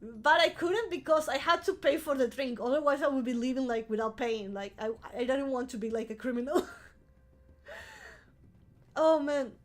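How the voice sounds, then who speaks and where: A woman's voice: high-pitched, normal speed. A woman streamer telling a rambling story in casual live-stream chat, swearing freely and laughing often. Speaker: vtuber streamer.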